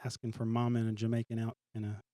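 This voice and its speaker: A man's voice: fairly low pitch, completely flat delivery, quick pace, mellow, no echo. Easygoing man on dry mic. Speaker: podcast co-host. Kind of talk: casual podcast chat.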